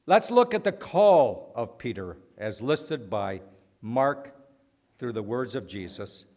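A man preaching a sermon, slow and deliberate, swinging between loud emphatic lines and quiet ones. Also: medium pitch, very animated.

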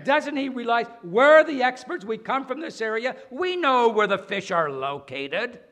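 Man performing a worn-out, indignant fisherman in a sermon, pitched high and loud. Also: sing-song, a little slow, heavily acted. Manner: indignant rhetorical questions. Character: grumbling weary male fisherman disciple.

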